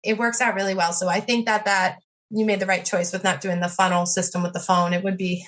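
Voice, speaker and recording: A woman's voice: medium pitch, flat delivery, a little fast, fairly bright tone. A woman chatting casually as a podcast guest about her pet sitting business, full of "like" and "you know" and acted-out quotes. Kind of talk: casual interview chat.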